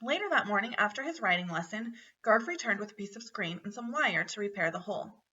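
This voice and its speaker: A woman reading a children's book aloud with steady storytelling. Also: medium pitch, brisk. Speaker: narrator. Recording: dull, distant home recording.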